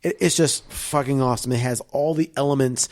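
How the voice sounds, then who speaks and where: A man's voice: medium pitch, fairly even intonation, a little fast, a little mellow. A man as a podcast guest, chatting enthusiastically, rambling and swearing heavily. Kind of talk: casual podcast chat.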